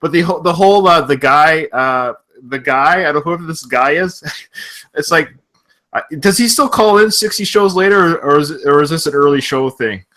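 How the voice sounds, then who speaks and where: A man's voice: on the high side, moderate pace, sharp tone. Chatty Canadian-raised man hosting a podcast. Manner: laughs often, chatty and effusive. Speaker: podcast host. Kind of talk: casual podcast chat.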